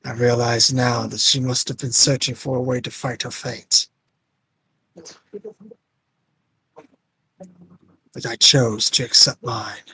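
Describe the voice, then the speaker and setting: A resigned male arena fighter from a game, read by a man on stream, with a husky, breathy edge to his voice. He tries for an Irish accent in a plain, dry close-mic sound. He speaks with calm acceptance at a middling pitch. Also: moderate pace, no echo, poor audio. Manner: attempts an Irish accent for the role. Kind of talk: voice-acting game dialogue on a livestream.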